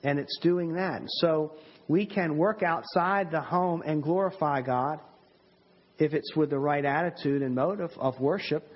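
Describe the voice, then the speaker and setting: Man, preacher, sermon, earnest, emphatic, husky, dull lo-fi sound. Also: fairly high pitch, unhurried. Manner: earnest, emphatic, with repeated words and restarts.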